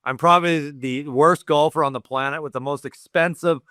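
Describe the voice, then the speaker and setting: A man's voice: a little high, fairly even intonation, fairly quick, bright, forceful tone, dry recording, studio quality. A man talking as a guest on a casual podcast, joking and self-mocking and laughing often. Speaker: guest hockey analyst.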